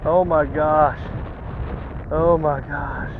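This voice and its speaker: A man fishing from a kayak outdoors, talking to the camera with excited, repeated exclamations and out of breath. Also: a little high, a little slow, background noise. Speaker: kayak angler. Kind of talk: excited on-the-water fishing commentary. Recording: dull lo-fi camera audio.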